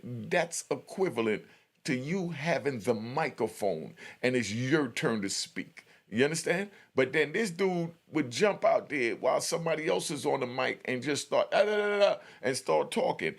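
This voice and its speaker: A man's voice: mid-range voice, creaky. A middle-aged man telling a story in loose street talk full of "you know" fillers. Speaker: prison storyteller. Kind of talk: casual spoken storytelling.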